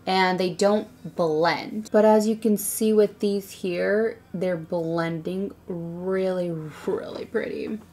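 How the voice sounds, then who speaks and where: A woman's voice: medium pitch, steady tone, slow pace, few pauses, darkish tone. Chatty young woman vlogger. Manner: chatty, rambling, says "like" often. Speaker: beauty vlogger. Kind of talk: casual makeup tutorial chat.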